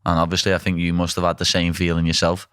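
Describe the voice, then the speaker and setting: Deep-voiced Liverpool man chatting. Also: monotone, quick pace, a bit bright, clear, resonant tone, no room sound, clean studio sound. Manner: blunt, chatty, self-deprecating. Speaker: podcast host. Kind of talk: casual chat.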